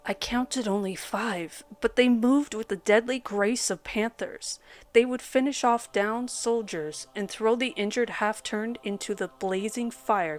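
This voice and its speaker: A woman with a medium-pitched voice narrates a scripted horror story aloud, keeping a steady storytelling delivery.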